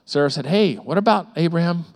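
A middle-aged man preaching a sermon as a pastor, telling stories with lively repetitions and acting out the voices of the people in them. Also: a little high, fairly quick. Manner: animated storytelling with frequent repetitions and acted-out voices.

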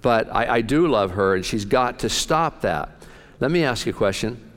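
A man's voice: mid-range voice, lively intonation, moderate pace, a bit bright. Folksy joking male pastor. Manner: folksy, joking, conversational storytelling. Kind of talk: sermon.

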